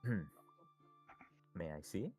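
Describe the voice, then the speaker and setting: Deep-voiced man, lively tabletop player. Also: takes it slowly, soft background music. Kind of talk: playing a character in a tabletop game.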